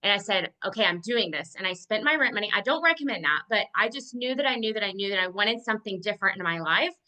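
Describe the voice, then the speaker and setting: Bright, earnest woman on a video call. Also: mid-range voice, expressive, fast, poor audio. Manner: earnest, says "like" a lot. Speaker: team leader. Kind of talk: motivational testimonial on a video call.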